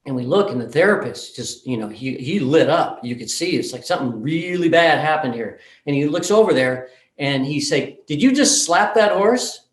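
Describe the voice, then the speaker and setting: A man giving a conference talk, telling a story in an animated way and acting out the dialogue. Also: mid-range voice, moderate pace, hardly any pauses. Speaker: conference speaker. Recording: roomy echo.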